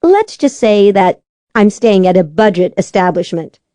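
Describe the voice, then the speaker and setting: A woman's voice: medium pitch, lively intonation, warm tone, dry recording, lightly acted. A woman voicing a defensive, independent young heroine in an audiobook. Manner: quick, defensive. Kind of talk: audiobook character voice.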